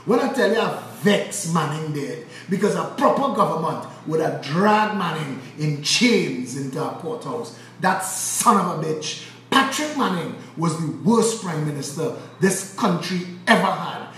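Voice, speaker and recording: A man with a Trinidadian accent delivering an impassioned, cursing political rant, swinging between loud outbursts and low, intense passages. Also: expressive, a little slow, few pauses, very echoey, distant mic, slight background noise, poor audio. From Trinidad and Tobago. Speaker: political commentator.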